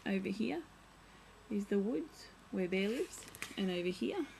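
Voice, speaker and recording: A woman's voice: medium pitch, lively intonation, measured pace, vocal fry, a little mellow, a little hiss or hum, rough recording. A young woman vlogging at home, chatting casually as she shows and reads from a children's picture book, full of playful asides.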